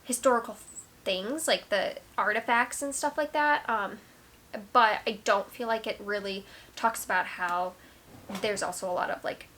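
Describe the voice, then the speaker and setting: A woman's voice: medium pitch, moderate pace, bright, forceful tone. A young woman talking casually to camera about her books, rambling with lots of "like" and trailing restarts. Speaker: book vlogger. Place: at home.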